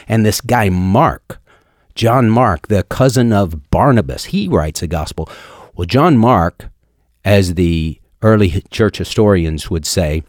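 Deep-voiced man preaching earnestly. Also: darkish tone, no echo, studio quality. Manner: earnest, storytelling delivery with slow emphatic stretches. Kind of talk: sermon.

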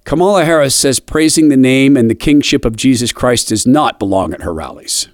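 Man delivering a deliberate, dry commentary. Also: mid-range voice, lively intonation, a little mellow, no echo. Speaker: political commentator. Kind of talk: opinionated monologue commentary.

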